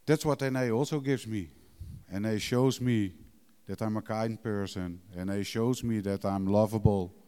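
A middle-aged man with a low, mellow and smooth voice speaks frankly about his own life. He talks in broken English, blunt and emotional, swearing without hesitation. The sound carries a long hall reverb. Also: normal speed. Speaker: recovering addict sharing his story. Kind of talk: candid personal testimony.

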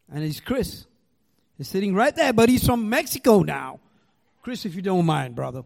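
Very animated, high-pitched and edged with vocal fry, this older Indian-accented man keeps a moderate pace. He's sharing his recovery story with a live audience in a raw, profane, storytelling manner.

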